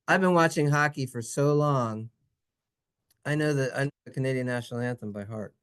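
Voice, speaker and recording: A teacher giving a playful, jokey Hebrew lesson over slides, in an animated, singsong voice. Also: medium pitch, normal speed, clean tone.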